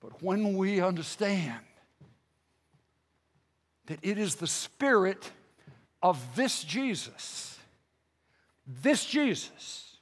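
High-pitched male pastor, fervent sermon delivery with repetitions and sudden drops to a near hush. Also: sing-song, very slow, pauses often, in a large hall. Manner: impassioned preaching, swinging between loud outbursts and hushed lines; repeats phrases, stammering restarts.

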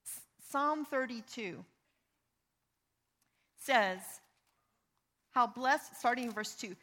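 A woman with a bright, ringing, slightly high voice teaches slowly on forgiveness from the Bible. She reads verses aloud with emphasis and leans on them, speaking earnestly, plainly, and conversationally with small restarts.

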